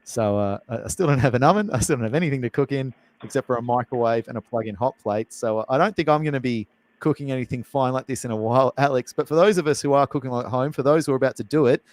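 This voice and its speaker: A man hosting a live cooking show in a chatty, self-deprecating way. His voice sits at an ordinary middle pitch, and he keeps the banter light. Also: fast talker, no echo, poor audio. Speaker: host.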